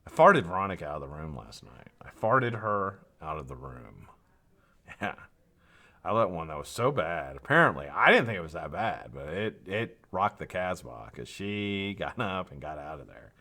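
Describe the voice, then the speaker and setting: A man's voice: sits low, big pitch swings, moderate pace, bright, forceful tone. A tired, yawning man hosting a live stream, rambling casually with frequent swearing and laughter.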